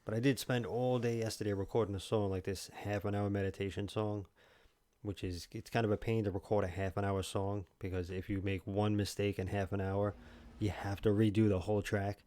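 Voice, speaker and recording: A man's voice: fairly low pitch, little pitch movement, a little fast, dark tone, no echo. A man streaming a video game from home, joking and rambling as he chats with his viewers by name. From New York. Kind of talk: casual gaming stream chat.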